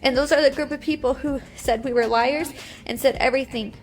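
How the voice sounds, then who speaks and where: A woman's voice: high voice, fairly even intonation, brisk, soft background music. A woman in her twenties, crying as she talks in an upset, defiant livestream monologue on her phone. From United States. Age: 20s. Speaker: reality TV personality.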